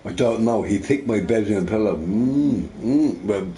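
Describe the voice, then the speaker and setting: A man's voice: lowish voice, animated, a little slow, dark tone, slight background noise. A man streaming a game, chatting casually with viewers in a rambling, profane, joking way.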